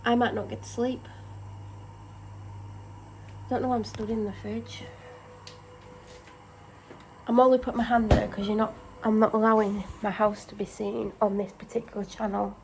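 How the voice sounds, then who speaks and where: A woman's voice: mid-range voice, little pitch movement, moderate pace, long pauses, background noise. A tired woman rambles in casual chat about her day while cooking in her home kitchen. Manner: rambling, chatty, self-deprecating. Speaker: vlogger.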